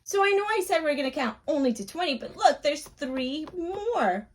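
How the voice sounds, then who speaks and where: A woman hosting a children's video, narrating playfully with gasps and wide-eyed excitement to a young viewer. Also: high voice, brisk, hardly any pauses. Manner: gasping, wide-eyed excitement, drops to a soft whisper at times. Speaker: children's educational video host.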